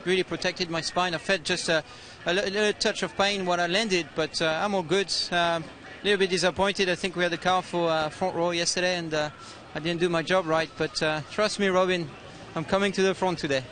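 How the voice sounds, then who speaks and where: A man's voice: high voice, steady tone, fairly quick, few pauses, a bit bright, a little hiss or hum. A man, a racing driver, answering interview questions with hesitant fillers outdoors on a race grid.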